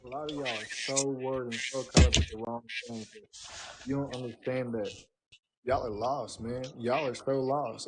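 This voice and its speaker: A man's voice: mid-range voice, a little mellow, a little hiss or hum. A man who is a guest on a livestream, lecturing in a slangy, preachy way with some rhyming lines. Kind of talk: casual livestream talk.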